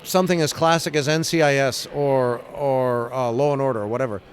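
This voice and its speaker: An older man from England, a comic book writer being interviewed, telling stories with lively sound effects and acted-out quotes. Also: medium pitch, a little fast, slight background noise. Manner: animated, acts out scenes with sound effects and quoted voices. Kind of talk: casual interview storytelling.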